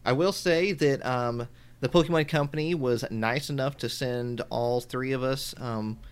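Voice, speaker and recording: A man co-hosting a casual podcast, talking in a relaxed way with frequent ums and restarts. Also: mid-range voice, measured pace, smooth. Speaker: podcast co-host. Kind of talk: casual chat.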